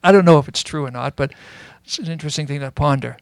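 A man giving a sermon as a Bible teacher, earnest and explanatory, pausing often with fillers. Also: fairly high pitch, creaky, clear, resonant tone, dry recording.

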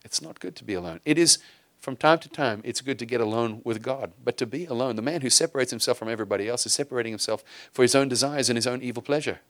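A man's voice: mid-range voice, fast, a bit bright, no echo. A man preaching a sermon in an earnest way, with emphatic bursts and frequent restarts.

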